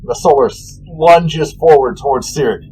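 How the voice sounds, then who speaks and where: A man narrating a tabletop game as dungeon master, animated and rambling, correcting himself as he goes. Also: fairly high pitch, normal speed, slight background noise, low-quality recording.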